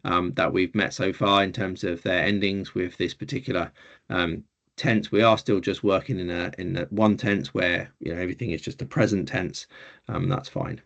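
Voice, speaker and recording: A man's voice: low-pitched, fairly even intonation, moderate pace, creaky, fairly bright tone, lo-fi sound. A man teaching a beginners' language class, explaining patiently and hesitantly with frequent ums. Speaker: Greek teacher. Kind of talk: informal online class teaching.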